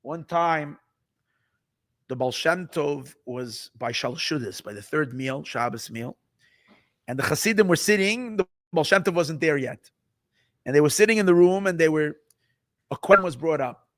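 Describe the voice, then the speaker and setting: A high-pitched rabbi telling a dramatic tale to his listeners, animated and repeating himself as he builds the scene. He sprinkles in Yiddish words and restarts his sentences. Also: moderate pace, long pauses. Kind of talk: sermon storytelling.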